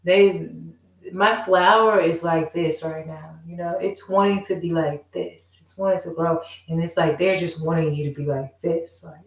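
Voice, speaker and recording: A woman's voice: on the low side, fairly even intonation, normal speed, roomy sound, recorded from a distance, low-quality recording. A woman in a casual, rambling monologue, emphatic and repeating herself as she vents. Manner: rambling, emphatic, repeats "you know what I'm saying". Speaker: vlogger.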